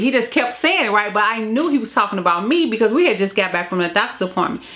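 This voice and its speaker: A woman's voice: mid-range voice, lively intonation, fast talker, hardly any pauses, fairly bright tone. A woman telling a personal family story to her vlog viewers in a candid, emotional way, often repeating phrases. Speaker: vlogger. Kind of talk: casual storytime to camera.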